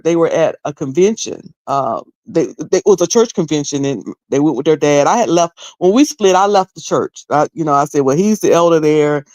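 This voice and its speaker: A woman's voice: lowish voice, a little mellow, no echo, highs cut off. A middle-aged woman giving loose, candid commentary on a video, rambling and often repeating herself. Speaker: online commentator.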